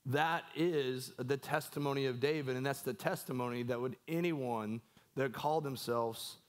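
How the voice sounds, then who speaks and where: A man's voice: medium pitch, moderate pace. A man preaching a sermon as pastor, earnest and conversational, often asking a question and answering it himself, repeating words as he goes.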